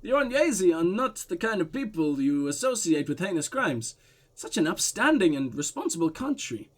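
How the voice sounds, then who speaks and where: A man voicing a smooth, evasive foreign diplomat in a mock Russian-German accent, with a suave, pompous manner. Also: sits high, very animated, moderate pace. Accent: mock Russian-German blend.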